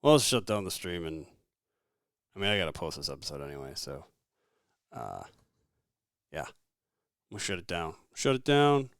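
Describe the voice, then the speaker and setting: A man hosting a casual podcast, rambling and relaxed with lots of fillers. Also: sits low, moderate pace, long pauses, clean tone, dry recording, studio quality. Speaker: podcast host.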